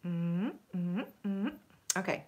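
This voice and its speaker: A chatty woman hosts a casual live stream from home. She reads viewer comments aloud, laughs easily and talks warmly to her audience through a phone or webcam. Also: lowish voice, flat delivery, slow pace. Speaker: livestream host.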